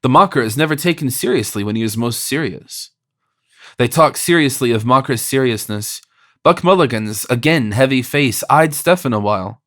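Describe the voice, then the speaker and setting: A man narrating a classic novel as an audiobook reader, in a measured literary reading style. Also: mid-range voice, animated, fairly bright tone. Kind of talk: scripted narration.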